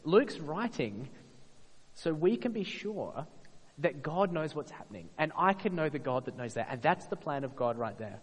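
A man preaching a sermon in an earnest way, swelling to emphatic peaks and then dropping soft. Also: a little high, big pitch swings, moderate pace, breathy edge, in a large hall, low-quality recording.

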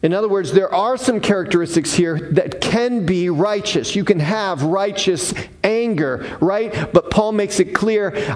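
Slow, deliberate male preacher. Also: sits high, a little mellow. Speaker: pastor. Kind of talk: sermon.

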